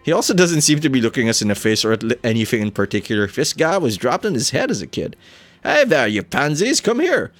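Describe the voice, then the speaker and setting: Man, gaming commentary, sarcastic asides, lively pitch, faint music behind. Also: fast, hardly any pauses, no room sound. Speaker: gaming YouTuber. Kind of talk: let's play commentary.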